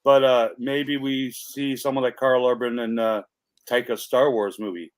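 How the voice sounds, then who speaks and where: In a dry, smooth recording, a man co-hosting a livestream chats casually at a moderate pace with fairly even intonation. His mid-range voice rambles along, packed with "like" and restarts.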